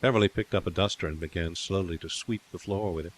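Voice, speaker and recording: Deep-voiced male storyteller. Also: fast, slight background noise. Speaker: narrator. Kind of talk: audiobook narration of a classic short story.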